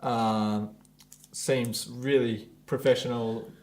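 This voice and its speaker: A man co-hosting a casual sports podcast, giving measured, thoughtful opinions. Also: medium pitch, fairly even intonation, a little mellow. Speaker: podcast co-host.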